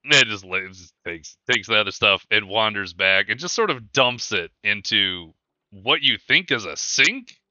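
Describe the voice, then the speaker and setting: A game master sets each scene in loose, rambling description full of fillers. His voice sits low but bright and clear. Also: no echo, lo-fi sound. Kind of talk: narrating a tabletop game.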